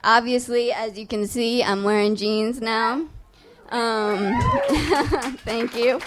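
A woman's voice: a little high, big pitch swings, slow, faint music behind. A young adult woman telling a personal story live on stage, in a casual, profane, self-mocking way. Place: on stage before a live audience.

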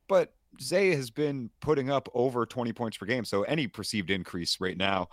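A man co-hosting a casual fantasy football podcast, from Canada, walking through player stats in an energetic breakdown. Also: medium pitch, normal speed, hardly any pauses, no room sound, studio quality. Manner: stat-heavy, energetic breakdown. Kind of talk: casual sports podcast analysis.

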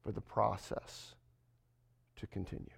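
A man preaching a sermon to a congregation, dropping to a hush and then building to slow, emphatic lines. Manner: swings from hushed to emphatic, slows for stress. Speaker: pastor.

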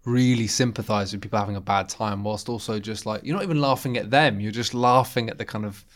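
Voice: mid-range voice, quick pace. A podcast co-host talking reflectively in a casual chat.

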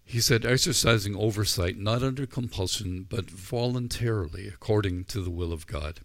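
A man's voice: lowish voice, moderate pace. A middle-aged male pastor preaching a sermon, retelling scenes in a storytelling way and acting out the voices. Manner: storytelling, acts out the disciples' voices.

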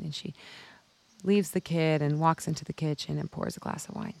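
A woman's voice: deep voice, steady tone, normal speed, vocal fry, a little mellow, dry recording. A woman coach giving a motivational talk, telling a story and casually acting out other people's lines, sometimes swearing. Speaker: women's life coach.

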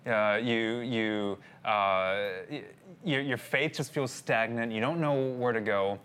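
A man's voice: medium pitch, slow pace, a bit bright, slight background noise. A man telling a personal story in a sermon, talking casually and addressing his listeners as guys. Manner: conversational, addresses audience as guys. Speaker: pastor.

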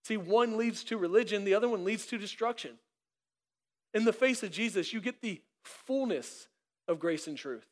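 A high-voiced male pastor delivers a sermon. He preaches in an animated way, often restarting a phrase and acting out short bits of dialogue. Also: moderate pace.

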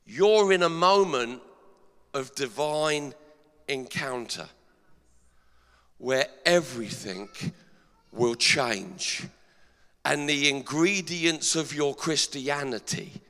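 A middle-aged male pastor delivering an energetic sermon in a church, asking the congregation rhetorical questions. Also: mid-range voice. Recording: long hall reverb.

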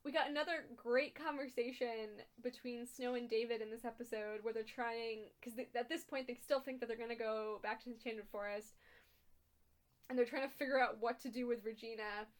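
A young woman with a fairly high voice, co-hosting a casual podcast. She recaps a TV episode in loose, chatty talk, full of ums and the odd bit of swearing. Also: fairly even intonation, fairly quick. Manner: chatty, frequent ums and laughs, blunt swearing. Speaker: podcast co-host.

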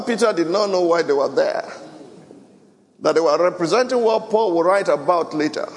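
A man's voice: sits high, fairly bright tone, long reverb tail. A man preaching a sermon at a church worship service, reading scripture aloud and breaking into song now and then. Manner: preaching with Bible reading, asides and bursts of song. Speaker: pastor.

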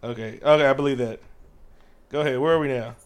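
A man co-hosting a podcast, recapping a movie in loud, profane, joking chat. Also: medium pitch, fast talker. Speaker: podcast co-host.

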